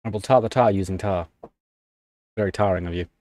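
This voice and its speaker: A man's voice: deep voice, fairly quick, darkish tone. Annoyed man ranting on stream. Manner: annoyed, ranting while typing commands. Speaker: livestreamer. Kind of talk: casual live stream chat.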